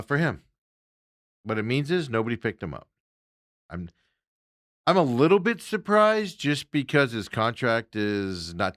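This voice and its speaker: A man's voice: on the low side, a bit bright, dry recording, clean studio sound. A man hosting a sports talk show, chatting in a loose, casual way with chuckling asides.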